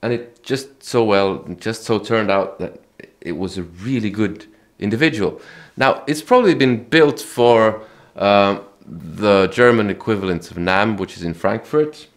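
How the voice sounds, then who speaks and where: A man who hosts his own channel, talking casually about his guitar in a relaxed, chatty way, often correcting himself. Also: fairly low pitch, unhurried. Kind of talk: casual gear talk to camera.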